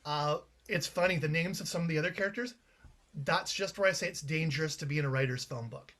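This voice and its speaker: Canadian-born guy chatting about his play, lots of restarts, fairly high voice. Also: fast talker, a bit bright. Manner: chatty, anecdotal, frequent restarts. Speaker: playwright being interviewed. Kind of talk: casual interview chat.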